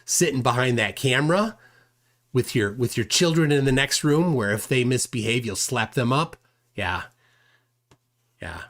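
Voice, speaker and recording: A man's voice: medium pitch, animated, measured pace, long pauses, a bit bright. Indignant male livestream host. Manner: indignant, reads chat aloud, frequent "right?". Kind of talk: casual commentary on a clip.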